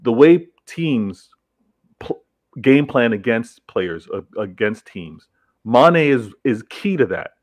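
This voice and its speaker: A man's voice: medium pitch, big pitch swings, slow, a little mellow, dry recording. A man with an accent, arguing football points in a casual panel chat with emphatic repeats. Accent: non-English accent.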